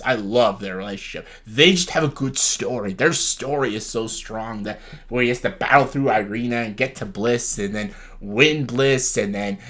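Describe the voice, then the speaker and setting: A man talks straight to camera in an easygoing, rambling way, throwing in curse words and chuckles as he goes. His voice has a bright, forward edge at a middling pitch. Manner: rambling, profane, enthusiastic, laughs often. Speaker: YouTuber reviewing a reality show. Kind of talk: casual chat.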